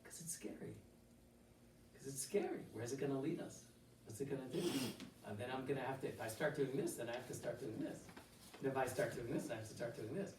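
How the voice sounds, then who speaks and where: A man teaching an informal Torah class in a synagogue hall, animated and full of rhetorical questions, with Hebrew phrases mixed in. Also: medium pitch, fast talker, background noise. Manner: mixes in quoted Hebrew phrases. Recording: roomy hall, distant mic, faint ambience.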